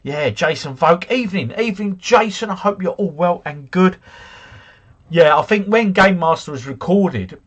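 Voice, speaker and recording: A middle-aged man hosting a relaxed livestream from home. His voice is a little husky, and his pitch rises and falls a lot as he chats. He talks to his viewers in a loose, jokey way. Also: moderate pace, lo-fi sound. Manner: chatty, jokey, drifts off into tangents. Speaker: livestream host. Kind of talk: casual chat reading live comments. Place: home, drinking beer. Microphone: desk mic.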